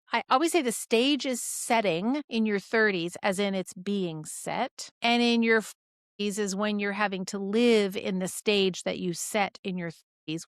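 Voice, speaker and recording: A middle-aged woman teaching clinicians in a lively, conversational way, full of rhetorical questions. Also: a little high, no room sound, studio quality. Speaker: health educator.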